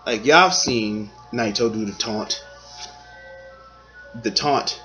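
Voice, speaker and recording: A man's voice: lowish voice, slow, pauses often, fairly bright tone, faint music behind, low-quality recording. A man giving casual, rambling commentary on his favorite wrestlers, talking in slang and filling gaps with "like" and "um". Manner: laid-back, slangy, rambling with fillers.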